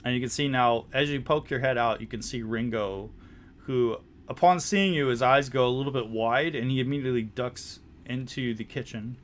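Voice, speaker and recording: A man narrating as game master, describing scenes slowly with frequent fillers and restarts. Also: mid-range voice, slight background noise. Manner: descriptive, halting, many fillers.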